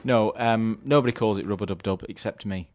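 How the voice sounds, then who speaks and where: A man's voice: lowish voice, brisk, a little mellow, soft background music. A man hosting a radio show, trading dry, easygoing banter in casual chat. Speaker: radio host.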